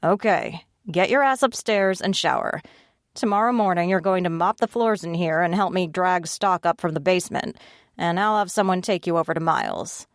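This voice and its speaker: A woman's voice: fairly low pitch, normal speed, no room sound, studio quality, natural voice. A woman voicing a blunt, foul-mouthed shifter pack leader who runs a bar, speaking in a curt, commanding way. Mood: bossy.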